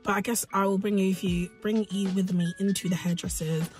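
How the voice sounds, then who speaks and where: A young woman, talking to camera in a lively, storytelling vlog. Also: mid-range voice, moderate pace, soft background music. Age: young adult. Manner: animated storytelling, exclaims often. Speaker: vlogger.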